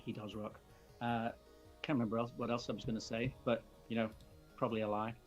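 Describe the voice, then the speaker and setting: A man hosting a casual livestream, talking in a relaxed, thankful way with frequent hesitations. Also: medium pitch, a little fast, highs cut off, faint music behind. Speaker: channel host.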